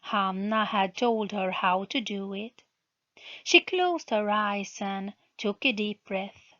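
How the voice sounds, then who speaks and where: A woman narrating a book aloud, reading slowly and carefully. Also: medium pitch, sharp tone, muffled recording. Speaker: reader, channel host. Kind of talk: storybook narration.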